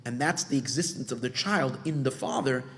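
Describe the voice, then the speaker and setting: A man's voice: medium pitch, moderate pace, a bit bright. A man, a rabbi, teaching a Torah class in an earnest explaining manner, often restarting his phrases and mixing in Hebrew terms. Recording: long hall reverb.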